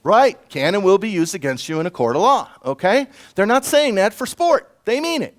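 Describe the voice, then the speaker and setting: In a conference room, a middle-aged self-defense instructor with a fairly high voice gives a presentation. His lecture is lively and conversational, full of asides and quick questions to the audience.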